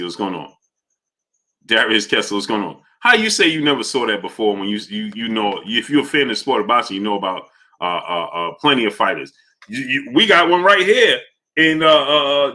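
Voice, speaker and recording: On his casual livestream, a male host reads viewer chats and comments in a sharp, ringing voice. He swings from low, mumbled shout-outs to loud, heated outbursts, ranting preachily at whoever he's discussing.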